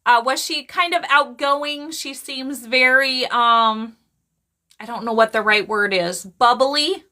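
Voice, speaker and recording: A woman with a high, bright voice chats through live psychic readings for her viewers. She talks in an animated, casual way, tossing quick asides to the chat and laughing easily.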